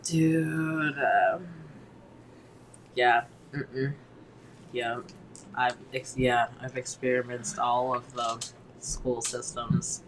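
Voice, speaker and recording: A woman's voice: rumbling low, fairly even intonation, drawn-out words, long pauses, noisy background. A woman co-hosting a casual book club chat with friends, laid-back and slangy, with a valley girl voice and frequent laughter.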